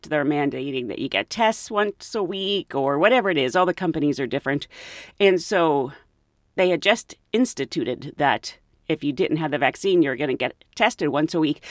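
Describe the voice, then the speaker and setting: A woman's voice: lowish voice, no room sound, studio quality. A woman hosting a podcast, telling stories in a chatty, casual way. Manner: animated, chatty. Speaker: podcast host. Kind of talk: casual storytelling chat.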